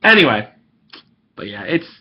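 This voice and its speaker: A man's voice: mid-range voice, big pitch swings, normal speed, husky. Salty rambling young man, lo-fi audio. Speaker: gaming video creator. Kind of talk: rambling gaming commentary rant.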